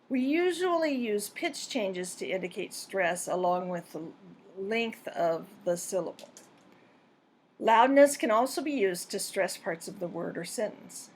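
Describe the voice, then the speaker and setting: Measured woman teaching pronunciation. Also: mid-range voice. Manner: clear, deliberate, measured delivery. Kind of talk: scripted instructional narration.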